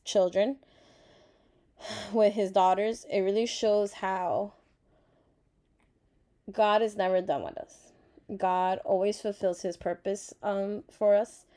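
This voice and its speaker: Woman, casual devotional vlog, warm mellow tone, earnest and reflective, chatty with fillers. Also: mid-range voice. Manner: openly emotional and grateful. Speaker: Bible study vlogger. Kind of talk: casual Bible devotional reading.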